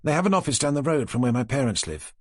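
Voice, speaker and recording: A man reading an audiobook, voicing a brisk, helpful young woman officer with a husky tone, reporting in a businesslike way. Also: mid-range voice, sing-song, dry recording, clean studio sound, pitched above the performer's own voice.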